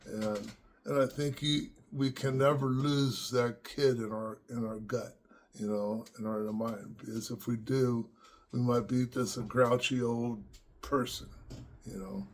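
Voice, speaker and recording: Speaking at a measured pace, this older Los Angeles-area vlogger has a steady, mid-range voice. He's at home with his dogs, reminiscing loosely and casually, often restarting and leaning on fillers.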